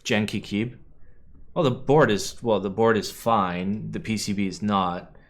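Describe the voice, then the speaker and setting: A man's voice: lowish voice, steady tone, a little slow. A young man streaming a keyboard build, tired and rambling, swearing casually and muttering to himself. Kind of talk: casual live-stream chat while building. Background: keyboard clicking and typing.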